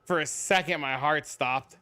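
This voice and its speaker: A man's voice: on the high side, unhurried, clear, resonant tone. A man in his thirties streaming a video game, chatting casually with viewers and swearing freely. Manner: animated, profane, chatty with viewers. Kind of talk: casual gaming livestream chat.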